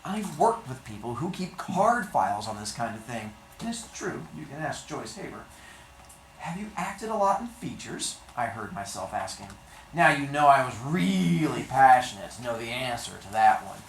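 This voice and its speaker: A man's voice: mid-range voice, very animated, normal speed. A man, a teacher, reading a novel aloud to his class with playful, dry asides. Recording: echoey classroom, faint hiss.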